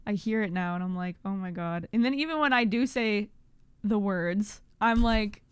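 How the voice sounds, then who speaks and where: A woman's voice: medium pitch, moderate pace, smooth, no room sound. A Canadian woman with a Canadian accent co-hosting a podcast in easygoing casual chat, laughing often. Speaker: podcast co-host.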